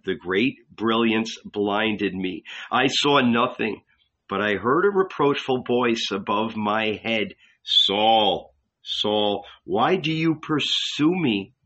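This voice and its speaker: Guy doing a high cracked voice for a fired-up young preacher, bright tone, kinda muffled. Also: lively intonation, slow, heavily acted. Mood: confessing. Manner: fervent, proclaiming. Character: fiery young male preacher, zealous and high-strung. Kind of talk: audiobook reading.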